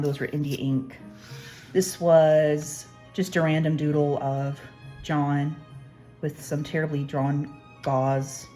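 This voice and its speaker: A young woman with a fairly low voice talks through her sketchbook in a rambling, self-deprecating way. She chats casually as she flips pages, and faint music plays underneath. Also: a little mellow. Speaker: artist, channel host. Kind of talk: casual sketchbook tour narration.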